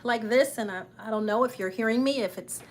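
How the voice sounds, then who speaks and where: A middle-aged woman who is a travel vlogger and travel agent chats casually on a travel livestream. She sounds a little nervous and self-deprecating, speaking fairly quickly in a slightly high voice.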